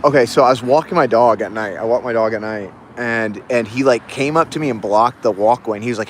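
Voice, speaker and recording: A man's voice: mid-range voice, fairly quick, hardly any pauses, slight background noise. A man telling a story in a casual, rambling way, full of fillers, while livestreaming from a city street. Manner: rambling, excited, heavy on fillers. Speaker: livestream host.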